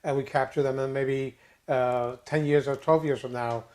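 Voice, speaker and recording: Older man, casual chat, halting delivery, lots of ums and restarts, jokey asides, mid-pitched voice. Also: steady tone, darkish tone. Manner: halting, many fillers and restarts. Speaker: co-host.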